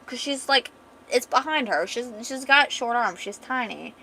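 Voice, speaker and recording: A woman streamer casually retelling a comic story as she draws, chatty and animated. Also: fairly high pitch, unhurried, vocal fry, slight background noise, poor audio. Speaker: art streamer. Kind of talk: casual storytelling while drawing.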